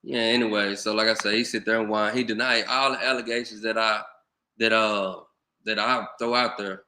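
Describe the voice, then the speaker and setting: Rambling man, bright voice. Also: on the low side, steady tone, moderate pace, slight background noise. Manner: loose, conversational, lots of "you know". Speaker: channel host. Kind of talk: casual commentary monologue.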